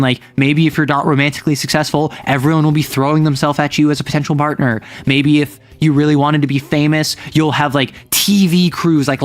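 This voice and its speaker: A man hosting a casual chat, explaining tabletop game rules in a rambling, filler-heavy, animated way. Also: fairly high pitch. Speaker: host.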